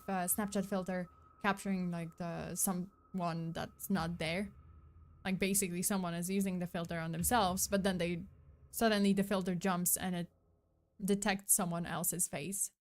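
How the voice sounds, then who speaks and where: A woman hosting a stream talks in a loose, rambling way. She keeps correcting herself and filling pauses while she comments on clips, at an ordinary middle pitch. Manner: rambling, lots of fillers and self-corrections. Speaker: streamer host. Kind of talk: casual commentary on videos.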